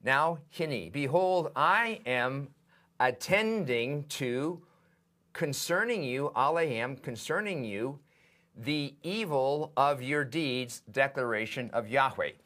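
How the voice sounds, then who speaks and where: Slow, methodical male Hebrew lecturer. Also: medium pitch, lively intonation, fairly bright tone. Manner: deliberate, methodical, reads out and translates word by word. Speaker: seminary professor.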